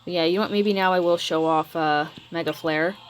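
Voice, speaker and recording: A woman's voice: on the low side, steady tone, fairly quick, slight background noise, poor audio. A woman giving casual, hesitant gameplay commentary for her channel, trailing off and calling herself mumbly. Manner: rambling, hesitant, self-admittedly mumbling. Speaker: mobile game video creator.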